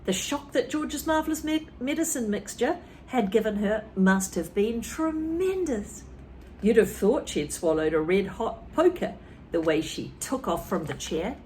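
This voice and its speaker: Woman teacher, storybook read-aloud, animated lively voice, talks to the class between passages. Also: a little high, unhurried, slight background noise. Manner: lively, expressive, with asides to listeners.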